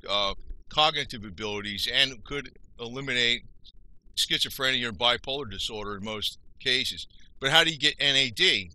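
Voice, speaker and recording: A man's voice: medium pitch, sharp tone, low-quality recording. A man giving an unscripted health talk, rambling with frequent restarts and self-corrections.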